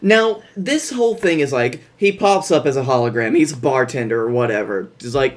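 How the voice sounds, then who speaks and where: A man co-hosting a podcast, recapping a movie in casual chat with a wry, deadpan manner. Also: fairly high pitch, brisk, few pauses. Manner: wry, deadpan recaps with playful put-on voices. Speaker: podcast co-host.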